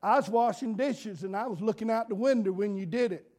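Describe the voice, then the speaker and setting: A woman's voice: medium pitch, brisk, natural voice. A man quoting a kindly, forgiving old grandmother in a story he tells from the pulpit. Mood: gentle. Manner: gentle, forgiving.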